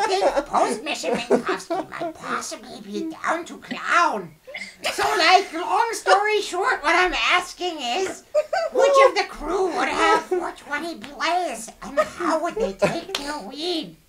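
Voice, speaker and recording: A man voicing a goofy, excitable male dog, reading out a fan question in character with a dopey, drawn-out delivery. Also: very high-pitched, crowd noise, heavily acted.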